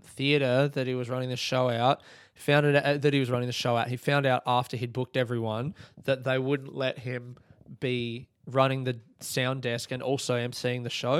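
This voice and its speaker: A man's voice: medium pitch, clear, resonant tone, no room sound, clean studio sound. A young man hosting his own podcast, telling a story in a rambling, sweary way and laughing often. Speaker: podcast host and stand-up comedian. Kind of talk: casual solo podcast monologue.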